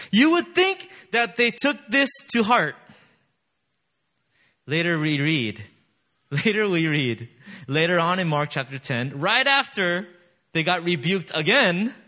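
A man's voice: high-pitched, very animated, takes it slowly, pauses often, bright, forceful tone. A man preaching a sermon in a conversational way, reading scripture aloud with rising emphasis and using many fillers. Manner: frequent "you know" fillers. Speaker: pastor.

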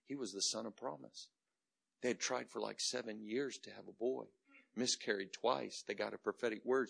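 A middle-aged man preaching a sermon as a pastor, telling a story dramatically and moving between loud and hushed delivery. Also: on the low side, normal speed, gravelly, breathy edge.

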